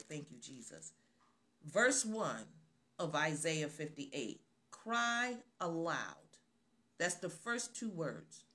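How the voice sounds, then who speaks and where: Woman preacher, sermon delivery, unhurried and emphatic, bright edge to the voice. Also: low voice. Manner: emphatic, repeats phrases for stress.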